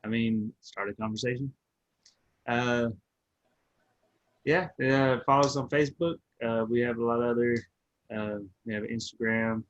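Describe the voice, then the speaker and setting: A man co-hosting a podcast in a laid-back, halting way as he wraps up the show. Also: medium pitch, fairly even intonation, dry recording. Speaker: podcast co-host. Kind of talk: casual podcast sign-off. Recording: dry, slightly dull lo-fi sound.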